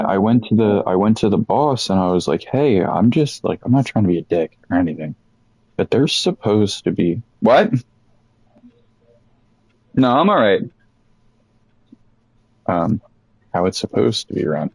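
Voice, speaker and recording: A young man casually telling a rambling, profane story about old jobs, animated as he quotes people. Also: sits low, husky, dry recording, low-quality recording.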